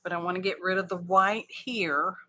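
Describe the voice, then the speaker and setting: A woman's voice: on the low side, steady tone, normal speed, bright, forceful tone, a little hiss or hum. A woman hosting a craft livestream, chatting casually and thinking aloud with folksy asides.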